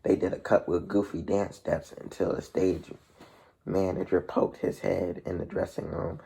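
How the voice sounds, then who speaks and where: A man reading a novel aloud as narrator in a gravelly, husky voice, with plain delivery, slips and restarts. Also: deep voice, level tone, moderate pace, warm tone.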